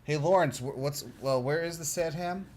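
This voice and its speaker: A man calling in over a radio link, chatting casually with lots of hesitant fillers and gentle teasing. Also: fairly high pitch, moderate pace. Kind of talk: casual chat.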